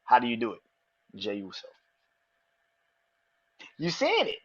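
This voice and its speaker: A man hosting a podcast, talking excitedly and with a lot of swearing, repeating his predictions for emphasis. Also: mid-range voice, unhurried, husky, lo-fi sound. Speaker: podcast host. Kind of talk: casual wrestling commentary.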